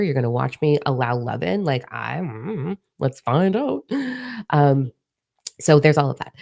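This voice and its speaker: A woman's voice: a bass voice, gravelly, a little mellow. A woman retreat coach talking casually to her viewers, candid and emphatic, swearing freely. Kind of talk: casual direct-to-camera vlog talk.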